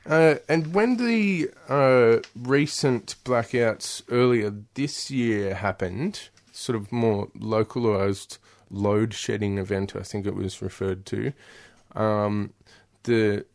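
A man hosting a radio interview, asking questions in a measured, hesitant way with frequent "uh". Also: lowish voice. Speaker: radio host.

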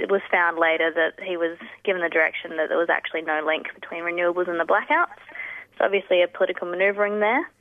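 An earnest woman explains her campaign over a tinny, dry phone line. Her voice is gravelly and low-set, with little rise and fall. She pauses and restarts often. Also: no echo. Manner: earnest, halting with fillers and restarts. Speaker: campaign spokesperson. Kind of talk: phone interview on community radio. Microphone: telephone.

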